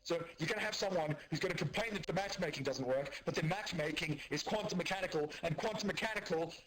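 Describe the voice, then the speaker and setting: A man on a gaming voice chat, his voice sitting a little high for a man. He rants in a sarcastic, profane torrent, piling up absurd arguments. His tone stays mocking and combative. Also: fast talker, a bit bright, slight background noise, poor audio. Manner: ranting, sarcastic, swearing constantly. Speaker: gamer in voice chat.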